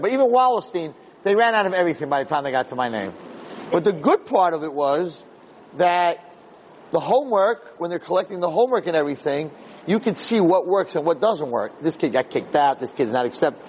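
A man in his sixties, a rabbi, telling a self-deprecating childhood story in a lively lecture, often repeating phrases. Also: sits high, a little fast, a little hiss or hum, rough recording. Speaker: rabbi giving a Torah talk.

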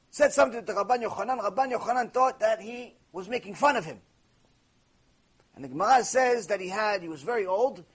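A man's voice: very high voice, husky. A man teaching Torah in a storytelling lecture, repeating phrases and mixing in Hebrew terms.

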